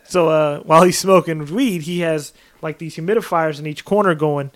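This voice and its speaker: A man co-hosting a podcast, chatting in a relaxed way with lots of "like" fillers. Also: fairly high pitch, normal speed. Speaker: podcast co-host. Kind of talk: casual chat.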